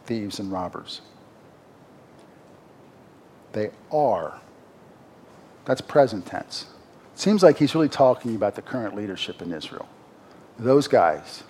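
A man's voice: medium pitch, warm tone, breathy edge. A man preaching a sermon, explaining a Bible passage in a conversational way and rising emphatically when he reads the verses.

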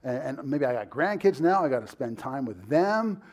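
A man's voice: mid-range voice, sing-song, normal speed, darkish tone, lightly acted. A man voicing a harried churchgoer who stammers out whiny excuses. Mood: complaining. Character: harried churchgoer making excuses, weary adult.

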